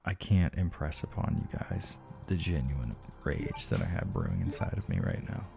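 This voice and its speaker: A man's voice: extremely low pitch, sing-song, moderate pace, gravelly, music in the background. A man streaming a video game in casual live commentary, frustrated and swearing constantly, sometimes dropping to a whisper. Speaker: livestreamer playing a video game.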